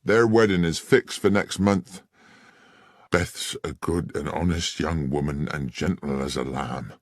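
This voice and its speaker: A man's voice: a bass voice, a little slow, no room sound, clean studio sound. A male narrator voicing an older innkeeper and anxious father who speaks in an agitated, protective way.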